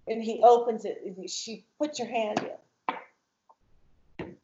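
A woman with a fairly high voice tells an emotional personal testimony as a mother. She relives each moment, slipping into the voices of the people in her story. The sound is roomy and a little dull. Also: unhurried, warm tone. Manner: vivid retelling that acts out quoted voices, with restarts. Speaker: guest, mother telling her family's story.

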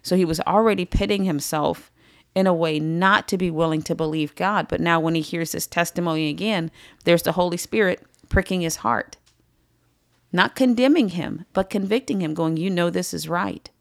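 A woman's voice: on the low side, fairly even intonation, a little fast, no room sound, studio quality. A woman teaching a morning Bible study in an earnest, conversational way, often checking in with her listeners. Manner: earnest, conversational, with frequent "right?" asides.

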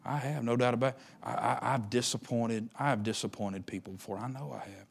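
A pastor preaching a sermon in a folksy, conversational way that builds to impassioned shouting. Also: male voice, medium pitch, steady tone, a little fast, creaky, husky.

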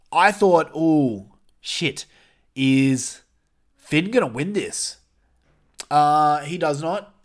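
Casual lively young dude, kinda high voice, cussing and joking through a wrestling recap. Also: male voice. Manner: animated, swearing, jokey asides. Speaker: podcast host reviewing wrestling. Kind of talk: casual review chat.

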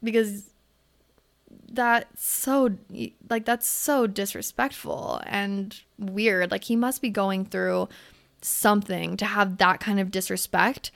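Gravelly-voiced woman podcast host. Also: mid-range voice, takes it slowly, a bit bright. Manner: candid, swears freely, many fillers. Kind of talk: casual advice talk.

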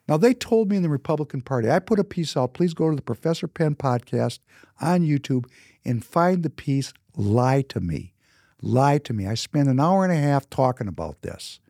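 A man hosts a podcast and delivers heated, opinionated commentary. He hits his points hard and slows right down to stress key words. His voice is a touch high and swings widely in pitch, recorded dry and close. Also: a little mellow, no room sound. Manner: impassioned, emphatic, slows words for emphasis. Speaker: podcast host.

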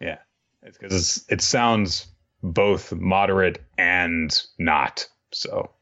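A man's voice: low-pitched, slow, bright, forceful tone. A man co-hosting a podcast, recapping a story in casual chat and acting out the characters' lines along the way. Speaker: podcast co-host recapping a manga. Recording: dull lo-fi recording.

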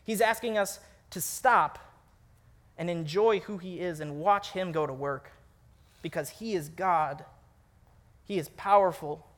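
A young man preaching a sermon, animated and self-deprecating as he tells stories. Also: sits high, a little slow, pauses often. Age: young adult. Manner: animated storytelling, laughs at himself.

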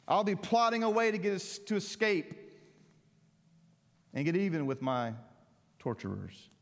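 A man preaching a sermon, emphatic, climbing to loud peaks and then dropping to quiet lines. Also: high-pitched, very animated, measured pace. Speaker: pastor. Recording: long hall reverb.

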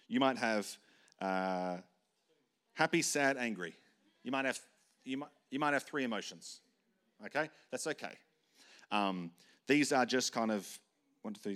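A man's voice: mid-range voice, a bit bright. A young man giving a casual leadership lesson, talking conversationally and acting out short everyday dialogues. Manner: conversational, acts out little dialogues, many restarts. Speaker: leadership teacher. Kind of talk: casual teaching talk.

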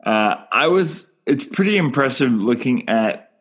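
A man's voice: medium pitch, lively intonation, a little slow, fairly bright tone, husky. A man from Ontario co-hosting a casual film chat, musing aloud and often restarting his sentences. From Ontario, Canada.

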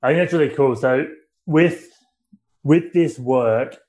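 A man's voice: medium pitch, slow pace, darkish tone. A man hosting a podcast, asking his guest questions in a thoughtful, casual way. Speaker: podcast host. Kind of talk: casual interview talk.

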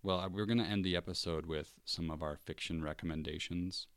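A man's voice: sits low, fairly even intonation, fairly quick, smooth, no echo. A man co-hosting a podcast, chatting casually and enthusiastically about favorite characters. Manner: enthusiastic, hyping things up. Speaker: podcast co-host. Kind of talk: casual chat.

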